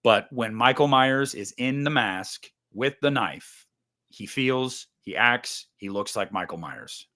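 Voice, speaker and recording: A man talking casually about horror films, swearing freely and acting out scenes, jumping into loud bursts. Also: mid-range voice, takes it slowly. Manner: animated, swearing, acts out movie scenes with sudden loud jumps. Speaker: podcast host. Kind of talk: casual movie chat.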